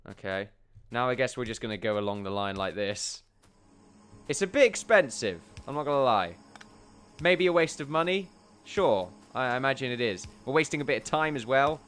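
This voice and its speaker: A man's voice: fairly low pitch, a bit bright, clean tone. A man giving chatty, rambling let's play commentary at a desk mic, tossing in jokey asides. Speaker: gameplay commentator.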